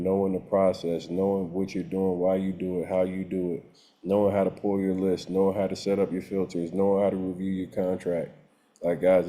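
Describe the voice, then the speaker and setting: A man's voice: fairly low pitch, dark tone. A man coaching real estate students in an unscripted rant, blunt and profane, exasperated and laughing often.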